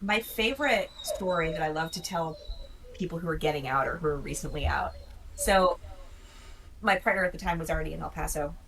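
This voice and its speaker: A woman Army veteran telling a story on a podcast in an animated, profane, self-mocking way. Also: low voice, brisk, gravelly. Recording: distant mic with faint noise.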